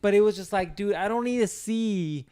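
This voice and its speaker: A man's voice: sits high, normal speed, smooth. A man co-hosting a podcast, chatting casually and telling rambling, profane stories with lots of fillers. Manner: rambling, profane, animated storytelling. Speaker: podcast co-host.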